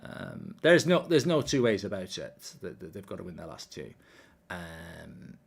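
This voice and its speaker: A man's voice: low-pitched, very animated, measured pace, vocal fry, slightly rough. A man hosting a live football watchalong stream, chatting casually, rambling with lots of ums and reading viewers' comments aloud.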